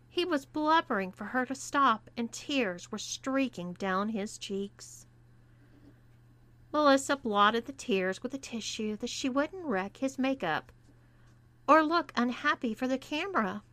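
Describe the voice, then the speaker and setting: Slow, bright-voiced woman narrator. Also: on the high side, expressive, dry recording. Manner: slow and deliberate. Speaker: erotica reader. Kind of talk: scripted story narration.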